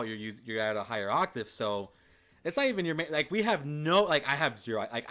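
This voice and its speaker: A man's voice: medium pitch, pushed and bright. A man hosting a podcast, chatting in an easygoing way and dropping lots of fillers. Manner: easygoing, many fillers like "like" and "dude". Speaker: podcast host. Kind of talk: casual chat.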